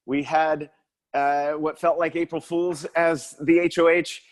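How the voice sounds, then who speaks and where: A man's voice: on the high side, flat delivery, a little slow. A man hosting a podcast, setting up a recap in casual chat, eager and stumbling over words now and then. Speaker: podcast host.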